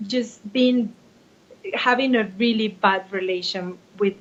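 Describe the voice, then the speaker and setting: A woman's voice: medium pitch, takes it slowly, highs cut off. A woman in her forties from Mexico, a Spanish speaker, telling her story openly as a life coach guest. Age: 40s. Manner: open and expressive, many restarts. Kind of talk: candid personal storytelling.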